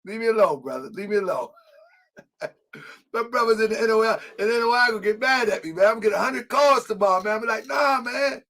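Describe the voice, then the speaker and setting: A man's voice: high-pitched, fast talker, fairly bright tone. A man hosting an online show, reading aloud and reacting in casual slang with frequent laughter.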